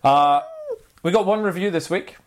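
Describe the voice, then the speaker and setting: A man's voice: high voice, moderate pace. A man co-hosting a podcast in casual chat, teasing his co-host and reading out a chart countdown. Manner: laughing, teasing, reads out chart list.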